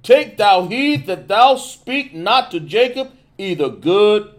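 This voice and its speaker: A man in a bible study reading verses aloud slowly and haltingly, in a loud raised voice. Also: high voice, animated.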